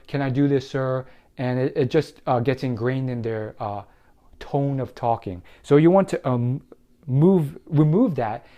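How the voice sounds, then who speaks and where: Young guy explaining confidence tips, casual, lots of uh and restarts, mid pitch. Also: a little mellow. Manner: conversational, many fillers and restarts, explaining tips. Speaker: self-help video host. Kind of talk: casual talk to camera.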